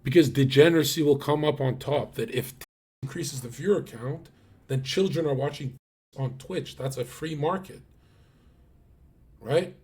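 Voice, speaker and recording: A man's voice: on the high side, normal speed, pauses often, darkish tone, breathy edge. A man streaming live, ranting casually to his chat, blunt and profane, with lots of fillers and restarts.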